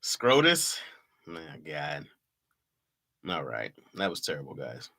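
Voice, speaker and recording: A man's voice: a bass voice, huge pitch swings, slow pace, gravelly, bright, forceful tone. A man reading his old jokes aloud to a live chat in casual talk, laughing at them and mocking himself.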